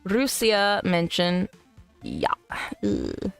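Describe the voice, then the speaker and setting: During a casual live stream, this VTuber reads out viewer messages and responds in a crude, joking, teasing way, cursing freely. She speaks very slowly in a smooth, clean mid-pitched voice that swings hugely in pitch, over faint background music.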